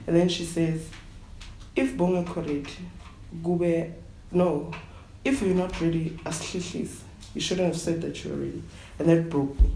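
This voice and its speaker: A woman traditional healer from South Africa, telling her story at a roundtable in an animated way, often acting out what others said. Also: lowish voice, moderate pace. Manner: code-switching, animated retelling with quoted voices. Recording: echoey room with faint noise.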